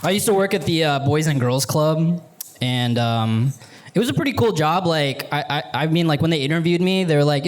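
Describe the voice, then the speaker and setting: A man's voice: on the high side, expressive, normal speed. A young man performing stand-up comedy on a theater stage, rambling and interrupting himself as he works the crowd. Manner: rambling, self-interrupting, playful crowd work. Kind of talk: stand-up set. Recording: live club recording with crowd. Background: audience laughter.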